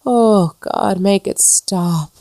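A woman voicing a despairing woman ghost trapped for decades, with a slow, moaning, haunted delivery. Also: low-pitched, mellow, no echo. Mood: anguished.

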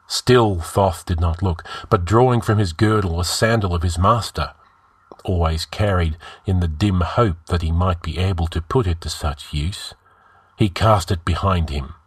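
A man reading fantasy fiction aloud, narrating with measured, dramatic pacing. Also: low-pitched, breathy edge, no echo.

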